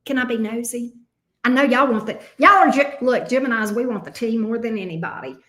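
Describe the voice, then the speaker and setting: A woman's voice: fairly high pitch, brisk, a bit bright. A woman giving a live tarot reading, chatting with viewers in an exclamatory, teasing way and swearing casually. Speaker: tarot reader. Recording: echoey room.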